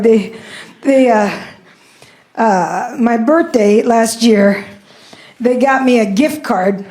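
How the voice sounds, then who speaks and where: A woman in her seventies doing stand-up and crowd work, blunt and salty, repeating herself for emphasis. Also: a little high. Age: 70s. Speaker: stand-up comedian. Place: comedy club stage. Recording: loud audience laughter.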